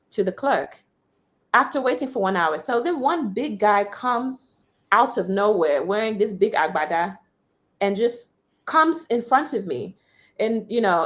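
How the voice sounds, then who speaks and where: A young woman from the United States, a journalist giving an interview, telling personal stories in a candid, animated way. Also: mid-range voice. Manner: animated storyteller, quotes others with raised voice. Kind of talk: candid conversational storytelling.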